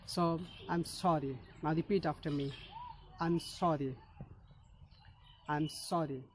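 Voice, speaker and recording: A man teaching an English lesson, speaking slowly and deliberately and modeling phrases for learners to repeat. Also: fairly high pitch, steady tone, slight background noise.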